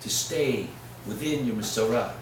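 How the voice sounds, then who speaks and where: Rabbi preaching in an echoey hall. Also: male voice, medium pitch, moderate pace, recorded from a distance, a little hiss or hum. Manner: swings from hushed to loud and emphatic. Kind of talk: sermon with storytelling. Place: lecture hall.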